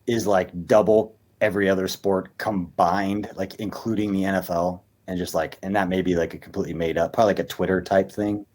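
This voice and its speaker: Man in his thirties, low-pitched, chatty podcast co-host who rambles with lots of fillers. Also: steady tone, fairly quick, few pauses, a little mellow. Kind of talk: casual sports podcast chat.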